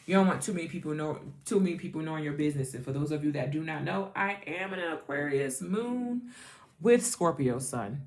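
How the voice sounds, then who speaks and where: A woman's voice: low-pitched, lively intonation, a little fast, a little mellow. A woman giving a casual, chatty tarot reading, repeating phrases and laughing often. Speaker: tarot reader.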